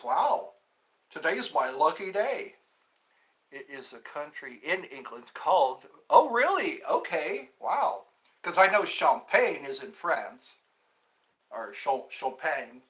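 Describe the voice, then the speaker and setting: A man's voice: on the high side, fairly bright tone, rough recording. A man hosting a casual live stream, chatting in a rambling, self-interrupting way. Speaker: livestream host.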